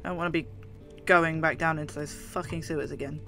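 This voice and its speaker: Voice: medium pitch, steady tone, fast, music in the background. A gamer with a London accent and a slight lisp, commenting on a horror game in a chatty, jumpy way, swearing often. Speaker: gaming video host. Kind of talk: let's play commentary.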